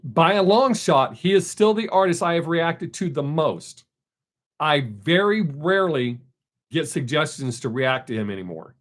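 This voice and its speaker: A man's voice: fairly high pitch, expressive, measured pace. A man hosting a casual live stream, answering viewer comments in a blunt, opinionated way.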